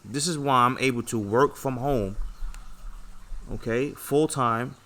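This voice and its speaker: Bright-voiced man lecturing livestream viewers. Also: mid-range voice, unhurried. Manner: earnest, repetitive, lecturing with many "okay" and "all right" checks. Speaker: trading livestream host. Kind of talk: casual livestream talk to viewers. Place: home.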